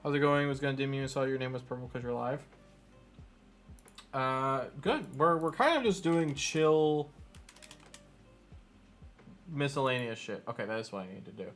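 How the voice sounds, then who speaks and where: A man's voice: mid-range voice, moderate pace, pauses often, fairly bright tone, faint music behind. Man muttering over his code on stream. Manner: self-mocking, laughs with viewers. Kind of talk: casual chat while programming.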